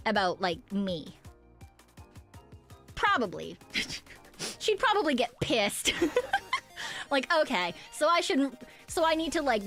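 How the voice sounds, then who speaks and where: A woman streamer chatting casually with her viewers, rambling, candid and quick to swear and laugh. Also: a little high, a bit bright. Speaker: VTuber streamer. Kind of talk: casual livestream chat.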